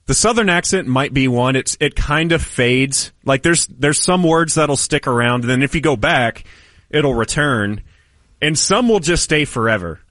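Lively, laughing male sports radio co-host. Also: mid-range voice, normal speed, no echo. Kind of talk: casual chat.

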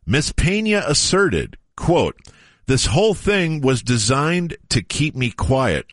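A man's voice: mid-range voice, big pitch swings, slow pace, no echo, studio quality. A middle-aged man hosting a casual radio show, reading an old news story aloud with playful drama.

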